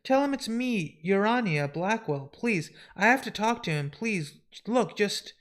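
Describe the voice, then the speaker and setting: A man's voice: high-pitched, animated, a bit bright, voice pushed up. A man reading a comic book aloud live, voicing a sad, lonely shapeshifting woman who stammers and hesitates as she talks of wanting to die. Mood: despairing. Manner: halting, stammering, despairing.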